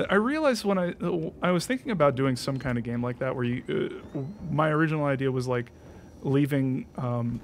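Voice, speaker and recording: A man's voice: medium pitch, a little hiss or hum. A young man streaming a game, chatting in a rambling way, swearing freely and laughing often. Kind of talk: casual chat while playing.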